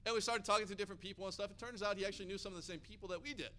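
A man from Hawaii delivers a sermon full of personal stories, animated and energetic. His voice sits high for a man, with a bright, forceful edge. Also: racing. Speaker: pastor.

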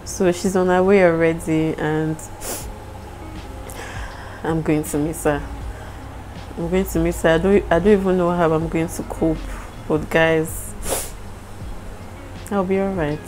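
A woman's voice: sits low, fairly even intonation, unhurried, long pauses, darkish tone, soft background music, rough recording. A young Nigerian woman with a Nigerian accent talking casually to the camera in a home vlog, openly emotional and apologetic. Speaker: vlogger.

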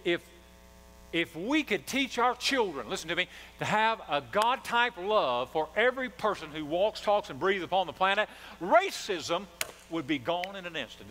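A man preaches with a lively, swooping pitch that sits a little high for a man. He drives his points home and throws questions out to the congregation. A faint mains hum runs under the recording. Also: poor audio. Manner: emphatic preaching with call-and-response questions. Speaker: pastor. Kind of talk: sermon.

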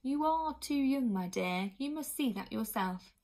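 A woman voicing a soft-spoken, anxious queen. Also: high voice, big pitch swings, normal speed, creaky, pitched above the performer's own voice, heavily acted. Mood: gentle. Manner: soft-voiced, pleading. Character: gentle, anxious queen mother.

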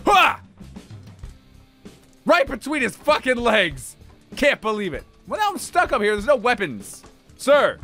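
A young man commentating his own game play, excitable, swearing and yelling at enemies. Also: high-pitched, normal speed, soft background music. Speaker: gaming channel host.

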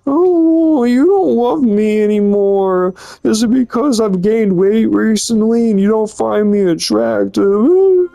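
A man putting on the voice of his crying girlfriend, pitched up high and pleading. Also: expressive, takes it slowly, gravelly, hardly any pauses, mellow, no room sound, exaggerated voice. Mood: tearful. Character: crying, accusing young woman girlfriend.

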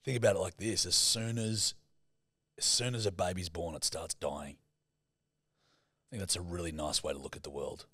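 A man's voice: low voice, steady tone, normal speed, long pauses, fairly bright tone, dry recording, clean studio sound. A young man, co-hosting a podcast with joking, mock-dramatic ribbing. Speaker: podcast co-host. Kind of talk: casual chat.

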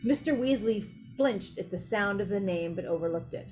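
A woman's voice: medium pitch, animated, normal speed, hardly any pauses, darkish tone, breathy edge, soft background music. A woman reading a novel aloud who breaks off now and then for casual, chatty asides. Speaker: reader.

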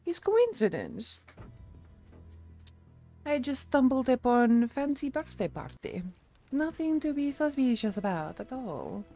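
A woman's voice: high voice, very animated, a little slow, pauses often, dark tone, pitched above the performer's own voice, heavily acted. A woman streamer putting on a thick fake Russian accent, dropping articles in her game chatter. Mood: mock-serious. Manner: broken grammar, dropped articles.

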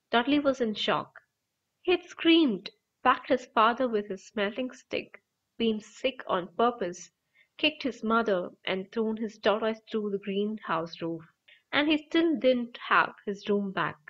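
A woman reading a children's novel aloud as an audiobook, with expressive, lively storytelling. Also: mid-range voice, lo-fi sound. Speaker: audiobook reader. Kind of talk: audiobook narration.

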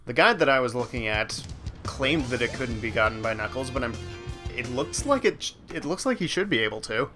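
A man's voice: medium pitch, big pitch swings, fairly quick. Rambling, self-mocking gameplay commentator, man. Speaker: let's play host. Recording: game music playing underneath. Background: game music.

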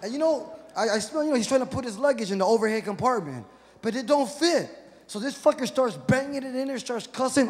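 A man's voice: extremely high pitch, fast. A male stand-up comedian from Houston, Texas, talking profanely and acting out voices on stage. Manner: profane, animated, acts out voices. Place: live comedy venue with audience. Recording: echoey hall with crowd noise.

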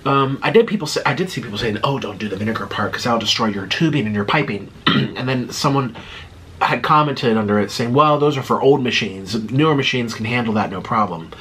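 A man's voice: medium pitch, animated, a little fast, a bit bright, slight background noise. Breathless chatty man rambling to camera. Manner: chatty, digressive, many fillers and restarts. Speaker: mukbang vlogger. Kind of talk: casual rambling monologue.

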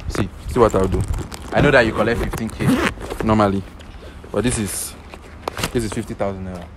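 A man with a Nigerian accent in a street prank skit, pleading and coaxing in an animated way and slipping into Pidgin phrases. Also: on the low side, fairly quick, very noisy. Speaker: prankster doing a loyalty test.

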